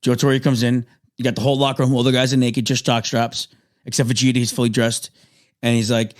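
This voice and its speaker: A man's voice: medium pitch, level tone, a little fast. A tired male stand-up comedian in casual podcast banter. He spins playful absurd stories and laughs often. His voice is close on a studio mic.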